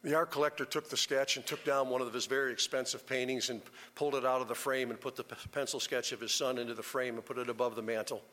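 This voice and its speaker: A middle-aged man preaching a sermon in a church, telling a story in an earnest, unhurried way. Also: mid-range voice, fairly even intonation, fairly bright tone. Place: church sanctuary. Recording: long church reverb.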